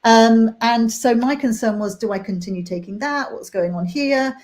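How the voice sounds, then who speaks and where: A young woman talking candidly and emotionally about a hard personal time, halting with many fillers. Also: on the high side, a little mellow. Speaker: nanny sharing her story.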